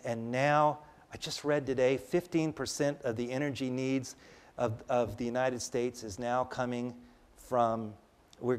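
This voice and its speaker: A man's voice: mid-range voice, clean tone. An older man giving a conversational lecture, telling personal stories in a chatty, rambling way with frequent restarts. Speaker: public speaker.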